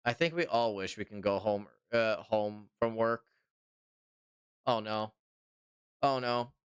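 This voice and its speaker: A man's voice: on the low side, slow pace, smooth. A man with a stuffy nose chatting casually on a live stream, rambling, swearing often and answering chat.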